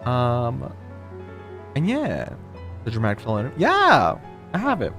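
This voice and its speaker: A man's voice: medium pitch, wildly swooping pitch, slow, vocal fry, a bit bright, faint music behind. A man streaming a video game live, chatting casually and greeting viewers by name.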